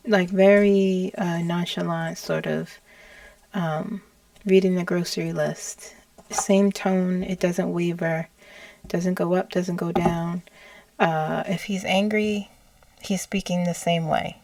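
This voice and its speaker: A woman psychic talking casually about messages she says she channeled, slow and hesitant, often correcting herself and dropping into whispers. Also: lowish voice, steady tone, creaky, no room sound, distant mic. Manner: slow, hesitant, self-correcting, with soft laughs and whispered asides.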